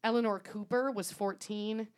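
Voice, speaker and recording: A woman's voice: medium pitch, fairly even intonation, moderate pace, clear, resonant tone. A woman co-hosting a podcast, telling a story in a casual, chatty way, with frequent laughs, swearing and fillers. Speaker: podcast co-host.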